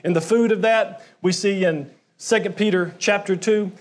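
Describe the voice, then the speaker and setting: A man's voice: sits high, steady tone, normal speed, few pauses. A middle-aged man preaching a sermon to his congregation in a conversational way, often asking them questions. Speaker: pastor.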